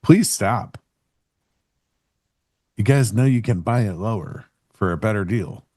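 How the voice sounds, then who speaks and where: Man, very low voice, dry close sound, laid-back trader on a live stream. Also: expressive, measured pace, dark tone, breathy edge, no room sound. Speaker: co-host and futures trader. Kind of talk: casual live-stream banter.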